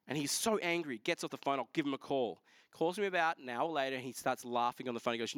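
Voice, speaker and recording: A man's voice: mid-range voice, fast talker, few pauses, a bit bright, dry recording, clean studio sound. A man, telling a story as a pastor in a sermon, acting out the other people in quotes. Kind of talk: sermon testimony.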